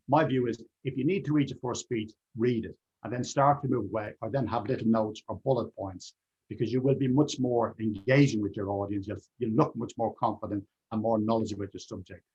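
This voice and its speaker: A man with a husky, slightly worn voice speaks earnestly as a guest on a remote call, hammering home his points by repeating key words. The audio is dull and lo-fi, as from a video call. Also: on the low side, darkish tone. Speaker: guest, presentation skills trainer. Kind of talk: conversational interview answers.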